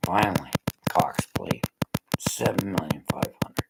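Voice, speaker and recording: A man's voice: sits low, a little slow, vocal fry. An older man vlogging in a rambling motivational monologue, often dropping into whispery asides. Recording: loud background noise.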